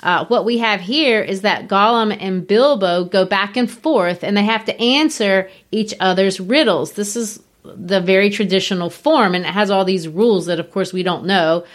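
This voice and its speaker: A woman hosting a casual literary talk, explaining background in an animated, teacherly way. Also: medium pitch, moderate pace.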